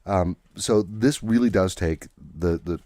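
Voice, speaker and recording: Male podcast host, very deep and warm, rambling chatty recap, dry. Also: takes it slowly, no room sound. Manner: rambling, with many fillers and restarts. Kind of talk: casual chat recapping comics.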